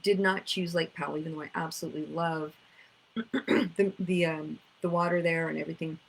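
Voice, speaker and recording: A woman's voice: sits low, steady tone, normal speed, vocal fry, poor audio. A woman, teaching about inner child work in a casual storytelling way, acting out conversations. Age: 50s.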